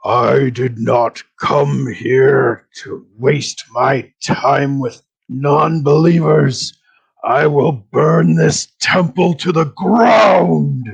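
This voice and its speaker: Man doing a solemn male war god, slow formal speech, gravelly, husky. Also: medium pitch, full character voice. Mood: furious.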